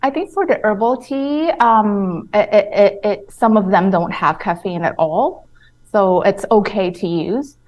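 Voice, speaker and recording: A woman sleep-specialist doctor, a guest on a radio talk show, explaining things in a measured way with frequent pauses and restarts. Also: mid-range voice, a little mellow. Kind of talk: radio interview answers.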